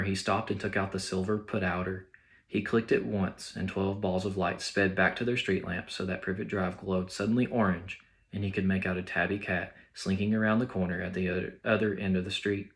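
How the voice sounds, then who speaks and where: A man, a teacher, reading a children's novel aloud in a plain steady way with small slips. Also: sits low, moderate pace. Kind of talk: audiobook-style read-aloud.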